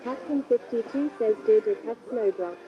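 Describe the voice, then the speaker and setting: Flat synthetic woman reading chat messages. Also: a little high, normal speed, muffled recording, over music. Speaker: text-to-speech comment reader.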